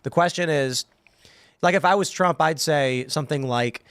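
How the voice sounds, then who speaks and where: An animated male host leading a political panel chat. He pitches his voice slightly high and acts out other people's lines as he talks. The studio sound is dry and close, with no room echo. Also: moderate pace, smooth. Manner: animated, mimics others' voices mid-story. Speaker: show host.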